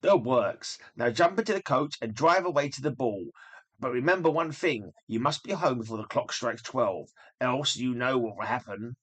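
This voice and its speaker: Reading a comic book aloud, a man voices a mischievous male imp playing fairy godmother, using grand, old-fashioned, theatrical speech. His voice is medium-pitched and fairly bright, with lively intonation and a moderate pace.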